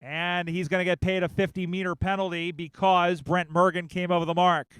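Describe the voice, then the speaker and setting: A man calling a live game as play-by-play commentator, building excitement in quick bursts on the big plays. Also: sits high, smooth, dry recording. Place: outdoor sports field broadcast.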